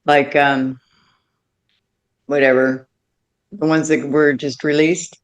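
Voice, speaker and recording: A woman's voice: sits low, little pitch movement, takes it slowly. A woman co-hosting a casual political livestream, rambling and trailing off in the middle of her sentences. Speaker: livestream co-host.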